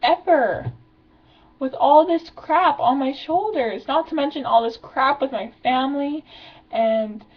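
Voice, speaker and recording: Stressed teen girl with a slightly high voice, venting in a rambling vlog, muffled low-fi sound. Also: a little slow. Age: teenager. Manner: rambling, filler-heavy, anxious venting. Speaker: vlogger. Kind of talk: confessional video diary.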